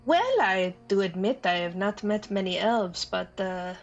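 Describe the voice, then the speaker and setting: A dry, weary noblewoman, voiced by a woman in a tabletop game. She drags out her words with slow, hesitant pauses. Soft background music plays. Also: mid-range voice, animated, highs cut off.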